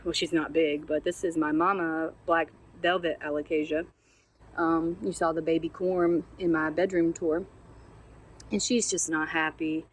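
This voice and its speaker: A woman's voice: deep voice, level tone, measured pace. Chatty woman gushing over her plants outdoors. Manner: chatty, gushing and self-deprecating. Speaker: plant channel host. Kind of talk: casual houseplant tour. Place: outdoors on a sunny day.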